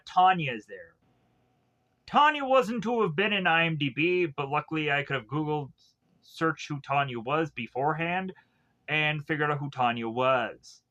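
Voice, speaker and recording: A man's voice: fairly high pitch, pushed and bright, dull audio. A man recapping a film plot in a loose, casual way, full of fillers and self-corrections, paraphrasing what the characters say. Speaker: film reviewer.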